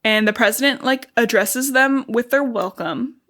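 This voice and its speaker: Female podcast co-host, slightly high voice, easygoing chatty book recap. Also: normal speed, a bit bright. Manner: chatty, peppered with "like" fillers. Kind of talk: casual book-recap chat.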